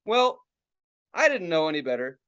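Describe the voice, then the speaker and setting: A man co-hosting a podcast, telling a story in casual, excitable, profane chat. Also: fairly high pitch, moderate pace, highs cut off. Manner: profane, excitable, acts out other people's reactions. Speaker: podcast co-host.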